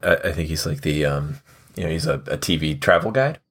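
A man's voice: rumbling low, brisk, a bit bright, husky. A man co-hosting a comedic podcast, laid-back and jokey. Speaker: podcast co-host. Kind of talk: casual comedic chat.

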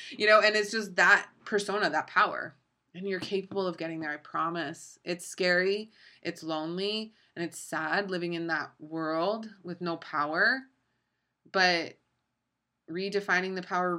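Bright-voiced woman hosting a pep-talk podcast. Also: on the low side. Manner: earnest, profane, lots of fillers. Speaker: podcast host. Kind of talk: motivational podcast monologue.

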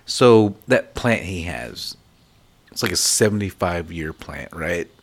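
A man's voice: deep voice, slow pace. A man in casual podcast chat, musing and asking questions.

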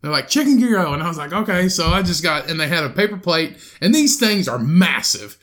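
High, bright-voiced man telling a story. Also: a little fast. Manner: profane, animated retelling with quoted voices. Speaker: podcast co-host. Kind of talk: casual storytelling chat.

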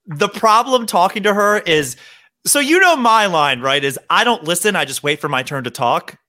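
A young man from the Baltimore area hosting a podcast, chatting casually and telling animated stories about his family. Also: sits high, moderate pace. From Baltimore area, USA. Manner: animated storyteller who mimics relatives. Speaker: podcast host. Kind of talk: casual comedic chat.

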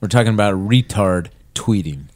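A man's voice: on the low side, animated, moderate pace, a little mellow. A man co-hosting a podcast in casual chat, exasperated and lecturing as he makes his point. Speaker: podcast co-host.

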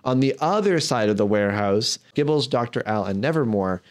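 A man's voice: medium pitch, animated, brisk. Man narrating a tabletop game. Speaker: game master.

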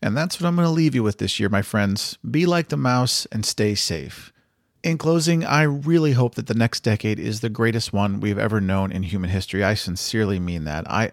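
A man's voice: fairly low pitch, vocal fry, no room sound, studio quality. A man hosting a travel podcast, telling a story in an earnest, reflective and encouraging way. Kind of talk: storytelling monologue.

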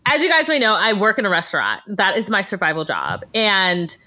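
A woman co-hosting a casual chat show, telling a profane story in an animated way. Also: medium pitch. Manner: animated, profane, quick storytelling with character quotes. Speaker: podcast co-host.

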